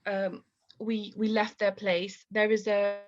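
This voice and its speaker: A woman from Kashmir, telling a story live in a calm, measured way that turns hesitant and full of fillers when she talks freely. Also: medium pitch, lo-fi sound.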